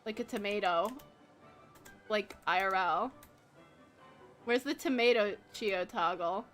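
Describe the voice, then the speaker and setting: A woman's voice: mid-range voice, takes it slowly, a bit bright, faint music behind. A young woman streaming a video game, chatting casually in a bubbly, rambling way, laughing often and swearing freely. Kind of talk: casual live-stream chat while gaming.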